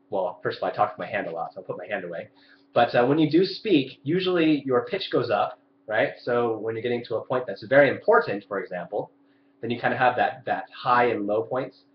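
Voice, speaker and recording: A man's voice: medium pitch, expressive, a little fast, a little hiss or hum. A young man teaching a live violin lesson over his webcam mic. He explains, demonstrates and asks his viewers questions. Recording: roomy, dull webcam audio.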